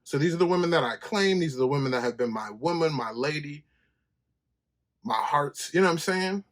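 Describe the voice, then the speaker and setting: A man hosting his own podcast, telling a story in a loose, profane monologue and jumping high when he quotes himself. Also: lively intonation, a little fast. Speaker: podcast host. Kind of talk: casual solo podcast monologue.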